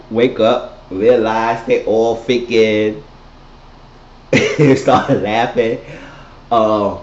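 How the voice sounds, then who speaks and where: A man's voice: fairly low pitch, a little mellow, slight background noise. A man giving a casual, rambling, profane recap of a TV episode. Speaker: TV recap vlogger. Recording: roomy lo-fi home recording.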